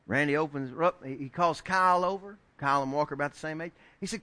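A middle-aged male pastor preaching with a high, bright voice. He tells stories in an animated way, acts out the voices of the people in them, and pushes up into near-shouts to land his points. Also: fairly quick. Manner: animated storyteller acting out quoted voices, rising to shouts. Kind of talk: sermon with storytelling.

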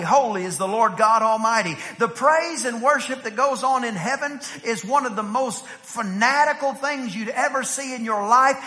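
A man preaching in a church, his voice very high and ringing bright. He tells family stories and climbs to shouts, with a long reverb from the hall trailing his words. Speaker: pastor. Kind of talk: sermon. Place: church sanctuary.

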